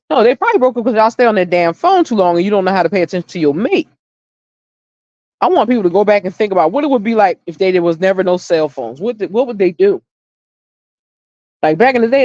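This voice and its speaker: A middle-aged woman talks straight through a casual livestream, blunt and salty, leaning on repeated lines to drive her point home. Her voice sits at an ordinary pitch for a woman. The sound is dry and a bit dull, like lo-fi home stream audio. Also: darkish tone, no echo. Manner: blunt, opinionated, swears freely; storytelling, emphatic repetition. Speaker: livestream host.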